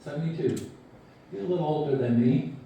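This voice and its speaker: Slow-spoken man in his sixties giving a eulogy. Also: mid-range voice, dark tone, slight background noise. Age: 60s. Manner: unhurried anecdotal telling, quoting a friend with chuckles. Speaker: eulogy speaker. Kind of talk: memorial eulogy storytelling. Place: large echoey hall at a memorial service. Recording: echoey hall recording from far off.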